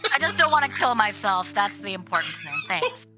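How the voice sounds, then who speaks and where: A woman's voice: mid-range voice, sing-song, fairly quick, pushed and bright, faint music behind. A woman playing in a tabletop game, talking in a blunt, offhand way. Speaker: player. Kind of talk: casual tabletop play.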